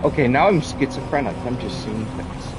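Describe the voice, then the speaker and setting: A man's voice: mid-range voice, very animated, brisk, low-quality recording. A man commenting on his own racing game in a mock-formal, theatrical way, complaining with exaggerated drama. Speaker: gaming streamer. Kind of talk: casual gameplay commentary. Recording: game music loud behind.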